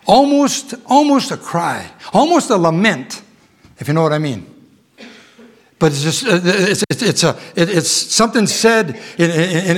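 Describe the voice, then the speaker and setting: This sermon comes from a middle-aged man whose pitch sits fairly high. His delivery is halting, with fillers and false starts, then surges into fervent emphasis.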